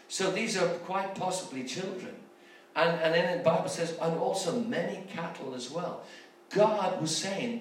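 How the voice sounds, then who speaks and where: A man's voice: fairly high pitch, normal speed. A man preaching a sermon, retelling Bible stories with rhetorical questions and frequent restarts. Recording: echoey room from far off, faint background noise.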